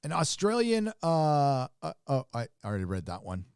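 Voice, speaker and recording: A man hosting a casual livestream, rambling through his points with frequent restarts and quick reactions to what he shows on screen. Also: a little high, wildly swooping pitch, a little mellow, clean tone, dry recording, studio quality. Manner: rambling, restarts often, chuckles and reacts to images. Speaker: show host.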